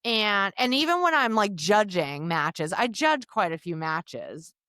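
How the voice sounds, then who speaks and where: Lively woman with a swooping voice. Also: mid-range voice, a little slow, no echo, studio quality. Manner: lively, many restarts, emphatic. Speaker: podcast co-host, dog trainer and match judge. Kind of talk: casual chat.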